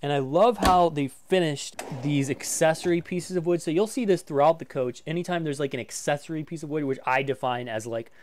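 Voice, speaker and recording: A man's voice: a little high, brisk, few pauses, darkish tone, slight background noise. A man casually presenting a walkthrough of a motorhome for sale, enthusiastic and full of fillers like "um" and "like". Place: inside a motorhome.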